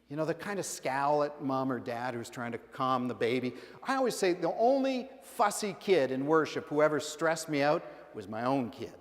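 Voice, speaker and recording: A man's voice: mid-range voice, lively intonation, normal speed, few pauses. A middle-aged male pastor delivering a conversational sermon, acting out playful quoted voices. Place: large church sanctuary. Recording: long church reverb.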